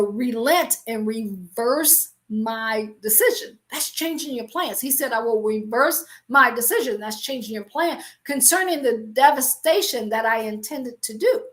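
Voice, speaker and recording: High-voiced emphatic woman teaching business from scripture. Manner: emphatic, animated, with many restarts. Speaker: business coach and Bible teacher. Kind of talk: faith-based business teaching.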